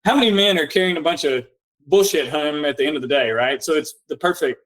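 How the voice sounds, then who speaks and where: A man with a slightly raised pitch talks as a coach on a podcast. He tells client stories in a casual, animated way, voicing both himself and the client. He slows into calm, guiding instructions when he walks the listener through an exercise. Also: low-quality recording. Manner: animated storyteller acting out both sides of conversations. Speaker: podcast guest, nervous system coach. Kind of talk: casual storytelling in a podcast interview.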